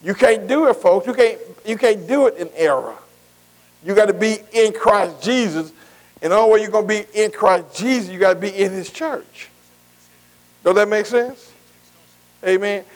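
Preacher guy, high voice, keeps asking am i right. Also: normal speed, rough recording. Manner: call-and-response preaching, repeats phrases. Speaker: pastor. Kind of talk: sermon.

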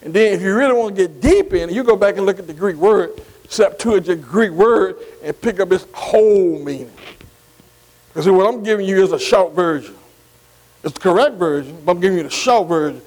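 Male Bible teacher, high voice, long echo behind him; drops "see" between phrases, spells out Greek words, keeps checking in with the class. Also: lively intonation, brisk, a little mellow. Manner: keeps asking the class to follow along.

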